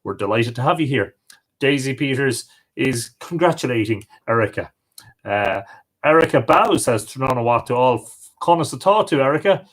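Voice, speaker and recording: A man's voice: medium pitch, animated, moderate pace. Cheerful Irish man hosting a live stream. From Ireland. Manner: cheerful, greets viewers by name. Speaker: host.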